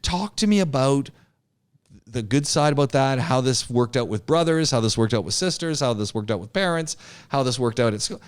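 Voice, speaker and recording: A man teaching a public speaking class, giving feedback in an animated way, with frequent restarts and acted-out sample chats. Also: mid-range voice, moderate pace.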